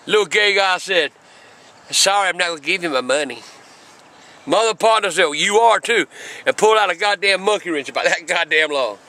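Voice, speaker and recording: Older man, gruff, cursing storyteller, very high voice, bright sharp tone. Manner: gruff, cursing, bursts into shouts. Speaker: grandfather telling stories. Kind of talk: profane storytelling.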